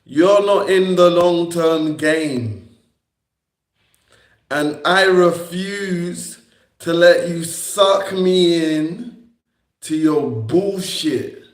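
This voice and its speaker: A man's voice: on the high side, very slow, pauses often. A young man on a livestream, rambling and confrontational, repeating himself and swearing at his critics. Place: indoor room on a livestream. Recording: echoey room.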